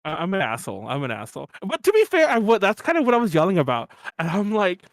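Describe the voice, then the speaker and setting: A young man co-hosts a podcast in a high, bright register, recorded close and dry. He tells a party story in an animated way, laughing between lines and acting out his own drunken yelling. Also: quick pace, dry recording. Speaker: podcast co-host. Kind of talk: casual storytelling chat.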